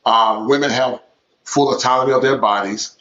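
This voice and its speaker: A man's voice: medium pitch, moderate pace, bright, forceful tone. A man talking as a guest on a casual live stream, emphatic and often repeating his words. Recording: dull lo-fi stream audio.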